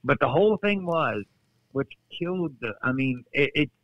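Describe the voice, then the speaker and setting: A man's voice: on the high side, normal speed, no room sound. Middle-aged male guest, folksy storyteller, dry close sound, a bit dull. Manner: lively storyteller, folksy asides. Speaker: guest former wrestler. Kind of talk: casual storytelling on a podcast. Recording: slightly dull dry remote audio.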